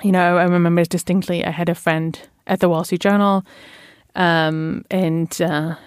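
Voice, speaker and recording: A woman's voice: on the low side, little pitch movement, moderate pace, clean tone, no echo, clean studio sound. A woman from Germany with a German accent, chatting as a guest and telling stories with fillers and laughs. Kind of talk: casual interview chat.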